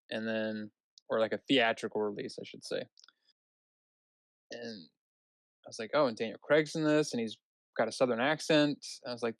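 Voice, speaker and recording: A man co-hosting a film podcast, rambling through his thoughts with plenty of fillers. His voice is smooth and clear, with a flat, even pitch. The sound is dry and close. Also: no room sound, rough recording. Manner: rambling, filler-heavy, lots of "like". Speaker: podcast co-host. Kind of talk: casual chat.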